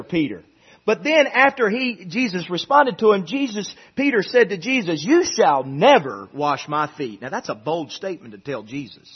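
Pastor, male, husky high voice, chatty sermon building to loud emphasis, dull lo-fi recording. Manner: conversational preaching, rising to emphatic peaks.

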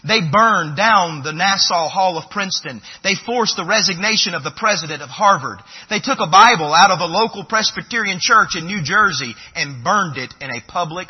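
A pastor preaching a sermon in a church, swelling to loud passionate pleading and then dropping low and quiet. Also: male voice, slightly rough, lo-fi sound. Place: church sanctuary.

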